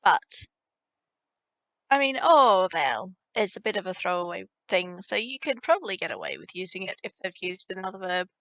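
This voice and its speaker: A woman teaching a spoken language lesson casually, repeating example phrases slowly and clearly for learners to practise. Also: mid-range voice, sing-song, fairly bright tone, dry recording.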